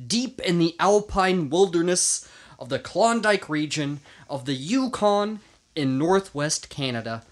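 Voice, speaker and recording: A man's voice: on the high side, expressive, unhurried. A man hosting a comedy history podcast, telling the story casually, laughing and swearing along the way. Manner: swears freely, laughs often.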